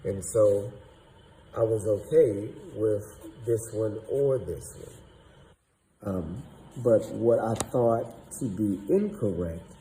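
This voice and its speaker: A man teaching a lesson, slowly sounding out syllables and thinking aloud. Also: fairly low pitch, mellow, a little hiss or hum, rough recording. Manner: slow and deliberate, sounding out syllables; thinking aloud, doubting himself. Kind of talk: explaining at a whiteboard.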